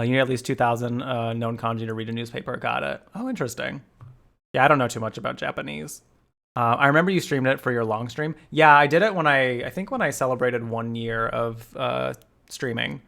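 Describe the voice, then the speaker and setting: A man live-streaming a game, chatting casually with viewers, giggly and animated as he greets them by name. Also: medium pitch, normal speed, vocal fry.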